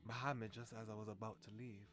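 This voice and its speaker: A man's voice: lowish voice, fairly even intonation, fast talker, music in the background. A man streaming a story game, reading its lines aloud and often restarting and correcting himself.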